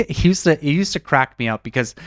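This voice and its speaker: A man's voice: a little high, a bit bright, no echo. Chatty young man on a dry mic. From US Pacific Northwest. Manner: chatty, restarts and lots of fillers, breaks into impressions. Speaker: podcast co-host. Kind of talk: casual chat over drinks.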